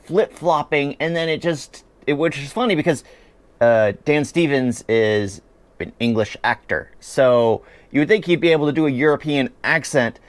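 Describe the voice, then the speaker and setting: A man's voice: a little high, moderate pace, no echo. A man giving a chatty, opinionated spoken review of a series, often laughing as he talks.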